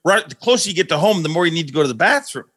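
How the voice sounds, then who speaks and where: Man, casual chat, animated pitch, bright tone. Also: very fast. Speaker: conversation partner.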